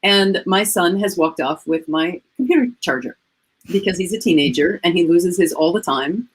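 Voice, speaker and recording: A woman in her fifties, a guest coach, chatting casually at home over a video call and telling animated stories. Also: on the low side, moderate pace, slightly rough. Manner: animated, acts out quoted voices. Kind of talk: casual storytelling chat.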